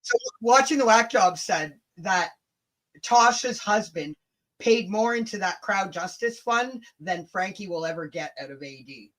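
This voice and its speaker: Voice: medium pitch, lively intonation, unhurried, a bit bright, poor audio. Crude, laughing livestream co-host. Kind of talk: casual livestream chat.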